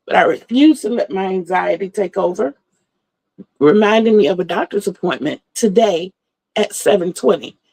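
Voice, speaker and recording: A woman's voice: mid-range voice, creaky, darkish tone, rough recording. A middle-aged woman hosting a livestream, chatting in a rambling, storytelling way and greeting viewers. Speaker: livestream host. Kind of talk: casual livestream chat.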